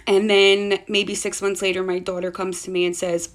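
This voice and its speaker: A woman recounts an eerie family story in a casual, chatty way. She is animated and blunt and swears freely. She acts out each quote as she goes. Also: mid-range voice, normal speed, hardly any pauses. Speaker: mother telling a personal story.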